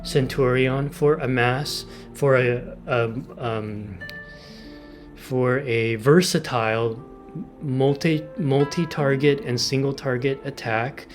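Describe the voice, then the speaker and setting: A man's voice: medium pitch, fairly even intonation, takes it slowly, soft background music. A man hosting a gaming video, explaining team setups in casual commentary and exclaiming with enthusiasm over game details.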